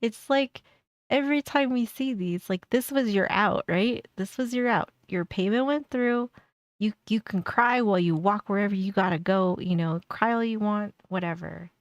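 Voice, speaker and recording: A woman's voice: mid-range voice, normal speed, no room sound, clean studio sound. A woman streamer giving blunt, sarcastic reaction commentary on a video and laughing often.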